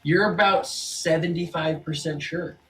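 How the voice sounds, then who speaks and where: Relaxed man running a tabletop game. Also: a little high, unhurried, rough recording. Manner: casual, relaxed, says "cool" and "um" a lot. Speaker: game master.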